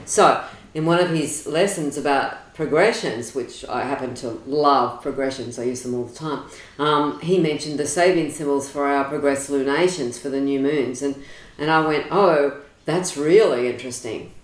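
A woman's voice: rumbling low, normal speed. Chatty woman in a roomy echo. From Australia. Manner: chatty, rambling, frequent ums. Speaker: astrologer guest. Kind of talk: casual storytelling interview.

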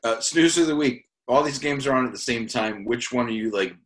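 A man's voice: mid-range voice, low-quality recording. A man with a New England accent hosting a casual fantasy football podcast, joking and hesitating as he runs the segments. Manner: jokey, hesitant, quick to question others. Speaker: podcast host. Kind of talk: casual sports chat.

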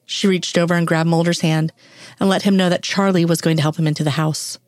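A woman reading fan fiction aloud in a steady, even storytelling manner. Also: on the low side, fairly quick, no room sound, clean studio sound.

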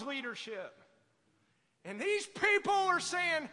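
A man preaching a fervent sermon, swinging from quiet asides to loud exhortation. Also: very high-pitched, very animated, measured pace, in a large hall. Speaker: pastor.

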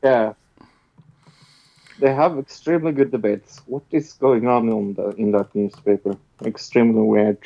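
A man's voice: medium pitch, steady tone, normal speed, vocal fry. A man from Norway with a Norwegian accent, co-hosting a podcast in casual chat, blunt, laughing often and swearing. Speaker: podcast co-host. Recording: dull lo-fi sound.

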